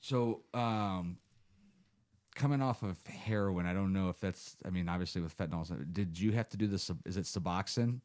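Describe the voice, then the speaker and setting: A man's voice: low-pitched, moderate pace, darkish tone. A man in his thirties from Ohio, hosting a podcast and telling rambling stories in casual chat, swearing a lot. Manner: rambling storyteller, heavy swearing. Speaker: podcast host.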